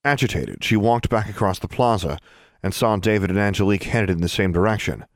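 A very deep-voiced man narrates a fantasy novel as an audiobook, keeping a steady, even, fairly quick pace. The recording is close and dry, with no room sound or echo.

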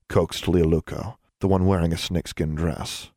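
A male audiobook narrator with a deep voice tells the story in a steady, measured way. The recording is clean studio sound with no echo.

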